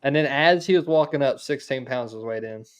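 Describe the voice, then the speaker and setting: A man hosting a casual podcast, relaxed, laughing along and asking his guests questions. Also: medium pitch, fairly quick, clean tone. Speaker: podcast host. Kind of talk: casual chat.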